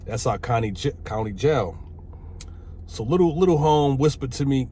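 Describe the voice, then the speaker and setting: A middle-aged man casually telling a personal story, animated and profane. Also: mid-range voice, moderate pace. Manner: animated, profane, acts out quoted voices. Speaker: vlogger telling his life story. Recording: faint background noise.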